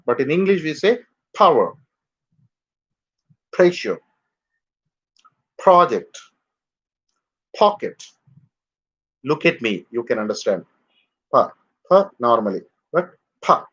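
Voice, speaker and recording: A man teaching English pronunciation in a live online lesson, drilling words slowly for students to repeat. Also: a little high, fairly bright tone, muffled recording.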